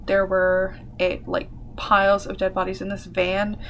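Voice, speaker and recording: Young woman, co-host, loose casual storyteller with lots of fillers, mid-range pitch. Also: monotone, unhurried, slight background noise. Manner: chatty, full of fillers and swearing. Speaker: podcast co-host telling a history story. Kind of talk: casual chat.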